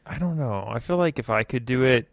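Relaxed guy, easygoing rambling chat, dry close sound. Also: mid-range voice, a little fast, no echo. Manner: laid-back, rambling storytelling. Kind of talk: casual chat.

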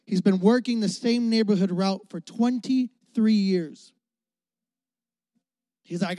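A man's voice: high-pitched, unhurried, long pauses, warm tone, no room sound. A young adult man, a youth pastor, preaching a sermon with emphatic repetition and rising and falling volume.

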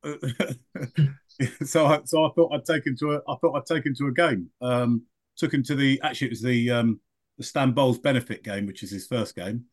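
A man's voice: mid-range voice, normal speed. A middle-aged man, a podcast guest, telling a rambling story and correcting himself as he goes. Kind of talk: casual podcast chat.

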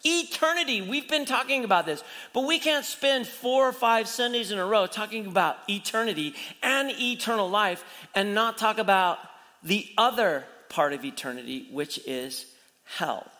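A man's voice: sits high, lively intonation, moderate pace, pushed and bright, in a large hall. A man preaching a sermon as pastor, telling a story with rhetorical questions and acted-out voices.

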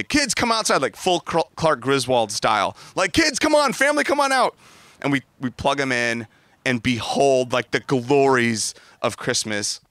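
A man in his thirties, a pastor preaching outdoors by the water, telling lively family stories and doing playful voices for his kids. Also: medium pitch, no room sound. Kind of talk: sermon. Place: outdoors by a large body of water.

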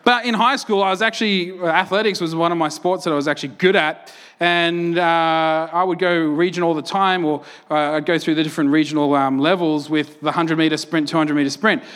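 Young aussie guy preaching, chatty and jokey, kinda high bright voice, keeps going "right?". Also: fairly quick. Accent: Australian. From Australia. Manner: animated, self-mocking, conversational, frequent "right?" and "like". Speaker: pastor. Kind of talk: sermon with personal storytelling.

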